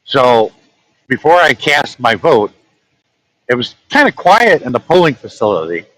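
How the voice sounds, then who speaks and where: A man's voice: medium pitch, sing-song, unhurried, fairly bright tone, no room sound, rough recording. A man, a truck-driving vlogger, telling a story in a rambling, chatty way and chuckling at his own tales. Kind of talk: casual storytelling.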